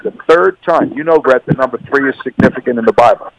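A man's voice: mid-range voice, fast talker, hardly any pauses, dry recording, low-quality recording. A man telling his personal faith testimony on a radio show, earnest and emphatic, often repeating words and phrases. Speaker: radio guest.

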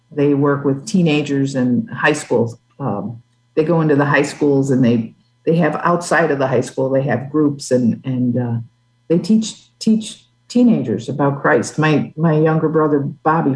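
A woman giving a personal faith testimony as a guest, earnest and halting, with restarts. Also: deep voice, a little mellow, rough recording. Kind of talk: testimony in an interview.

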